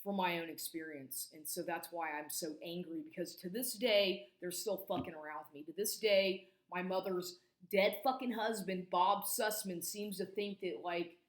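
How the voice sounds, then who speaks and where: A woman's voice: on the low side, normal speed, few pauses. A woman in her forties giving an agitated monologue to camera, swearing constantly and stumbling over restarts. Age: 40s. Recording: echoey room recording.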